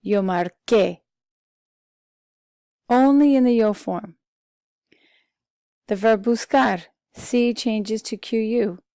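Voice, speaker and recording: Slow, patient woman teaching Spanish. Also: a little high, dark tone, no room sound, clean studio sound. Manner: slow, patient, talks through vocabulary lists with fillers. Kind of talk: recorded classroom lesson.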